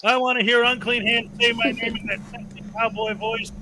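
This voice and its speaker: Male host, high bright voice, rambling livestream banter, faint hiss behind. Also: level tone, fairly quick, poor audio. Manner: chatty, rambling, laughs often. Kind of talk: casual livestream chat.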